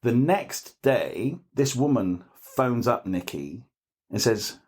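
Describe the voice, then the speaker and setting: A man's voice: medium pitch, sing-song, slow pace, a little mellow, husky. A man co-hosting a podcast, retelling stories from a book in a blunt, indignant way. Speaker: podcast co-host. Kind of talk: casual book discussion.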